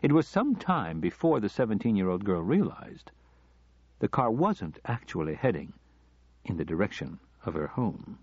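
A low-voiced man reads a story aloud in measured, even narration. The sound is close and dry, with a slightly dull, lo-fi tone. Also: slightly rough, no echo. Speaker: audiobook narrator. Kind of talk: scripted narration.

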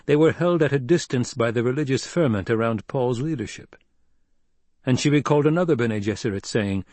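A man narrating an audiobook in a measured, even delivery. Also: medium pitch, no room sound.

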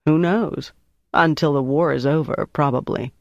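A man reading an audiobook, voicing a composed officer who speaks in a cool, firm, measured way. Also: fairly high pitch, gravelly, no room sound, highs cut off. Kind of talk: audiobook character voice.

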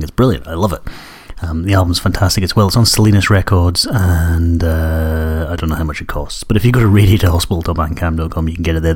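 A man in his thirties with a Scottish accent that carries traces of Newcastle, hosting a podcast in a casual, rambling, self-deprecating monologue full of fillers. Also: low voice. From Scotland. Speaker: podcast host.

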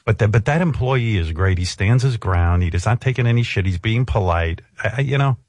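A man's voice: lowish voice, animated, a little fast, darkish tone, dry recording. A male comedian ranting in an exasperated, sarcastic way, swearing constantly as he reacts to a clip. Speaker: comedian and show host. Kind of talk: profane comic rant.

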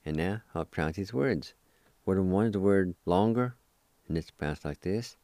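Man, very low voice, slow, patient language lesson, sounding words out, dry close sound. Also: animated, mellow, no room sound. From Oklahoma, United States. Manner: spells and pronounces words syllable by syllable, patient and repetitive. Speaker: language teacher and radio host. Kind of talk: slow spoken vocabulary lesson.

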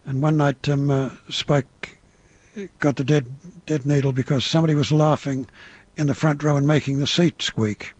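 In a dry, muffled recording, an older veteran entertainer with an Australian accent shares showbiz stories during an interview. His voice is on the high side and darkish, with fairly even intonation at normal speed, and he rambles, hesitates, restarts, and imitates people he quotes.

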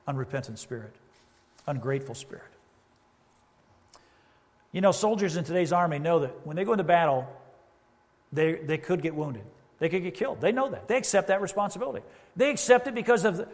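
A man preaching a sermon as pastor, conversational, with asides and quoted voices. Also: high voice. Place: church sanctuary. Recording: reverberant church hall.

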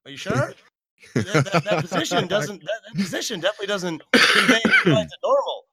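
A man hosting a casual livestream podcast, excitable and profane, often breaking into laughter. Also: high-pitched, fairly quick, a crowd in the background. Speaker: podcast host.

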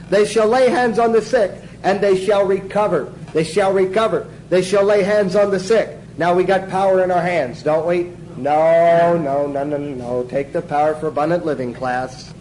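A man's voice: high voice, a little mellow, slight background noise, poor audio. A man teaching a Bible class in sermon style, emphatic, asking the class questions and answering them himself.

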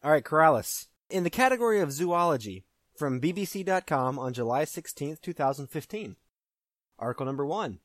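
A man's voice: a little high, no room sound, studio quality. A man hosting a casual quiz, reading strange news articles aloud in a wry, mock-formal way. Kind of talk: casual podcast banter.

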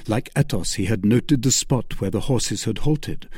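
A man narrating a classic adventure novel in a measured, expressive storytelling manner, close to the mic. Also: fairly low pitch, slightly rough, no echo. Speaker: audiobook narrator.

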